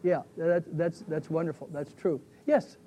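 A pastor leading a casual Bible study class, talking in a conversational, halting way. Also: male voice, on the high side, fairly even intonation, warm tone, a little hiss or hum. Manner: conversational, halting, many restarts and fillers.

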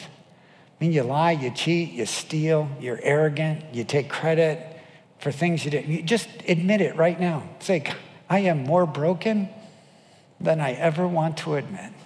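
A pastor leads a congregation in prayer, his voice pitched a bit high and carried by the long reverb of a church sanctuary. He talks in an earnest, coaxing manner, often dropping into hushed, prayerful tones. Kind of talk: sermon, leading prayer.

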